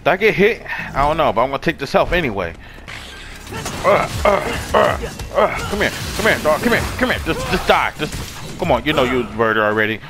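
Brisk and a little high, his voice swings widely in pitch as he streams a game he's never played before. The commentary is profane and hyped, laced with trash talk and repeated lines, and game music sits underneath.

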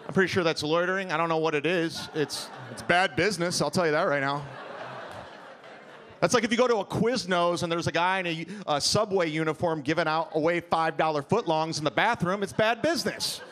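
High-voiced man telling a stand-up story. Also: fairly quick, fairly bright tone. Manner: rambling, self-deprecating storytelling. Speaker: stand-up comedian. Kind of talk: stand-up comedy. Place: comedy club stage. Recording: live club, crowd noise.

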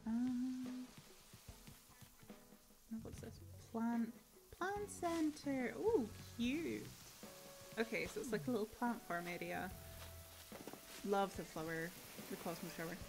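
A young Scottish woman streaming a cozy game, gushing and excitable, often trailing off into fillers. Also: on the high side, slow pace, long pauses, rough recording. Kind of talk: casual gaming livestream chat. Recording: game music playing underneath.

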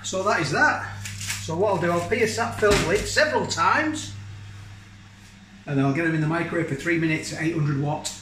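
A man's voice: on the high side, brisk, noisy background. A man chatting casually in a food review vlog from his home kitchen, rambling and tacking tag questions onto his sentences.

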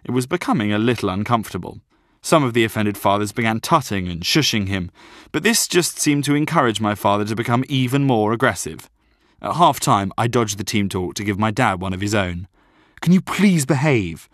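A young man reads a comic memoir aloud, his voice swinging widely up and down as he tells the story. His pitch sits a little low, and the sound is close and dry with no room around it. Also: fairly quick, no room sound. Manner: lively, defensive comic reading. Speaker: audiobook co-narrator. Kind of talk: humorous memoir narration with banter.

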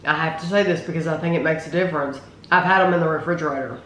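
A man's voice: on the high side, racing, a bit bright. A man reviewing snacks in a casual, chatty taste test, often restarting his words. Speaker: food reviewer. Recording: roomy echo, faint noise.

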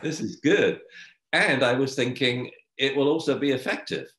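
A man's voice: mid-range voice, normal speed, fairly bright tone, echoey room. An older man, a dog trainer, talking in a chatty way and laughing often. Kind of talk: casual discussion.

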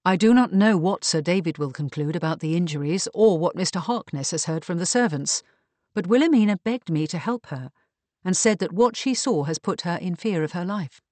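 A woman voicing a tactful young lady investigator who speaks in a measured, careful way. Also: on the low side, animated, a little mellow, no room sound, close to an everyday voice. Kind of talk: audiobook character reading.

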